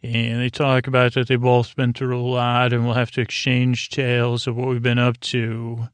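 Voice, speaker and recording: A man's voice: medium pitch, completely flat delivery, normal speed, clear, resonant tone, no echo. A male podcast host giving a casual, rambling recap of a TV episode and often correcting himself mid-sentence. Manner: rambling, loose, self-correcting.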